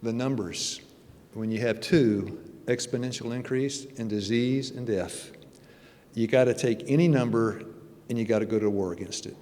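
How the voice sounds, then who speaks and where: A church elder in his sixties, appearing as a guest speaker, gives a folksy, joking sermon built around his personal testimony, preaching conversationally. His mid-range voice is darkish and moves at a normal speed, with the long reverb of the church sanctuary around it.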